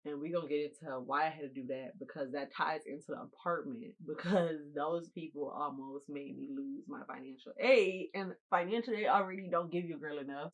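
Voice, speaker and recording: A storytime vlogger, a young woman with a low-pitched voice, chats casually to viewers between bites, speaking directly to them and repeating phrases for emphasis. The audio quality is poor.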